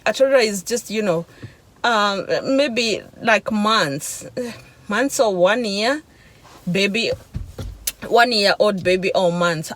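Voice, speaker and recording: A woman vlogger telling an emotional personal testimony, halting and searching for words, with sighs and restarts. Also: mid-range voice, rough recording. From Africa.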